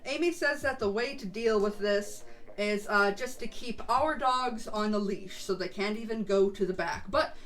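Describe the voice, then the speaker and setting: Woman streamer, mid-pitched, casual rambling chat over gameplay, laughs a lot. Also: normal speed, a bit bright. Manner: rambling and chatty, laughs often. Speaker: VTuber streamer. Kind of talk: casual chat while gaming.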